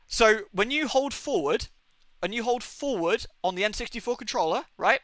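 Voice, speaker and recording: A man streaming a game, commentating live in an animated, self-mocking way and laughing often. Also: sits high, measured pace, long pauses, dry recording.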